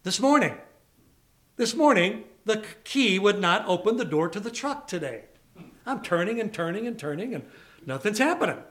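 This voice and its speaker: A man preaching a sermon to a church congregation, telling personal stories with lively call-outs to the listeners. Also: high-pitched, normal speed. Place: church service before a congregation.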